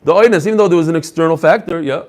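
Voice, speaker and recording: A man teaching a daily Talmud class to a live group in an animated lecture, asking rhetorical questions and mixing English with Hebrew and Aramaic terms. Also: fairly high pitch, very fast.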